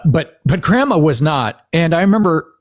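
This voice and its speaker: Lively, animated man telling stories. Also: a little high, normal speed. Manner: animated storytelling, laughs often. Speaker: podcast co-host. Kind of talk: casual chat.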